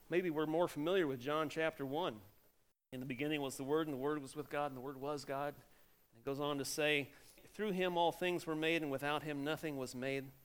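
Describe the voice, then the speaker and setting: Male pastor, middle-aged, sermon, animated, bursts of loud emphasis, slightly high voice. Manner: animated preaching with sudden loud exclamations.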